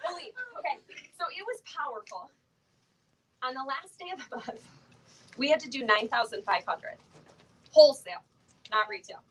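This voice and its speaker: A woman's voice: sits high, lively intonation, moderate pace, long pauses, a bit bright, recorded from a distance, a little hiss or hum, poor audio. A middle-aged woman giving a motivational talk to a live audience from a stage, chatty and playful, full of fillers and laughing asides. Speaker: motivational speaker at a sales event.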